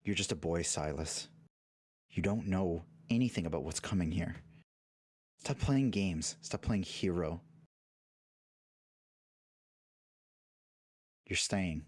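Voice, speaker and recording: A stern, dismissive father in a tabletop game, as a man puts him on. He speaks coldly and gives orders in a very deep, flat voice. The sound is dry and close. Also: measured pace, no room sound. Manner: cold, commanding.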